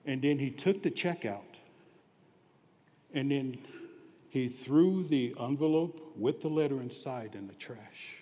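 A man preaching a sermon who drops to hushed near-whispers on some lines and rises to loud, emphatic declarations on others. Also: medium pitch, takes it slowly, long pauses, long reverb tail.

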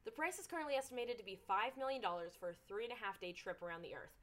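A young woman hosting a scripted commentary show, talking in an animated, sarcastic way. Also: medium pitch, fast. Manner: animated, sarcastic, puts on silly voices for jokes. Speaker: host.

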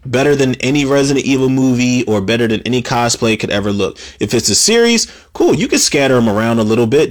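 A man hosting a solo podcast, rambling casually, stammering over his words and swearing freely. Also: medium pitch. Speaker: podcast host.

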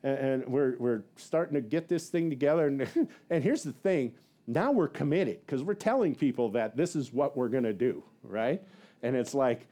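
A male pastor preaching a sermon as a rambling personal story, acting out what people said with big swings in his voice and laughing at himself. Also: moderate pace. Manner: animated, acts out quotes with big pitch jumps; rambling with many fillers and self-laughs.

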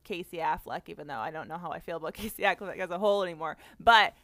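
A woman's voice: fairly low pitch, fast talker, no room sound. A woman from the Boston area, a guest on a film podcast, talking animatedly with lots of "like" and frequent laughs. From Boston area, USA. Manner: animated, laughs often, many "like" fillers. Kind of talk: casual film podcast chat.

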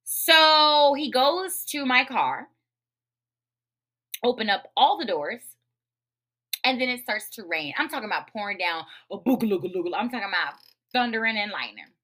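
A woman with speech patterns rants bluntly through a personal story, her voice bright and forceful. She swears freely and swings from low grumbles to loud outbursts. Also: expressive, fairly quick. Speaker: podcast host. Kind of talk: unfiltered storytime rant.

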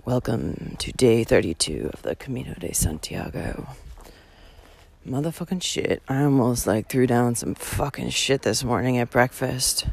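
A woman's voice: extremely low pitch, lively intonation, takes it slowly, gravelly. A young woman ranting with profanity as she walks outdoors on a hiking trail, recording her own vlog. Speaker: podcast host hiking the Camino. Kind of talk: ranting walk-and-talk vlog.

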